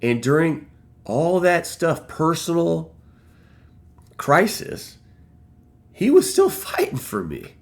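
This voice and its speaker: A man casually telling a personal story to camera, emotional and excitable, swearing freely. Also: a little high. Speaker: vlogger.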